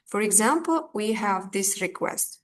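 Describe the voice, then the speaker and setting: Woman teacher, unhurried, patient, filler words. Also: mid-range voice, lively intonation. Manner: slow, patient, with fillers and restarts. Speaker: English teacher. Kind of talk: online language lesson.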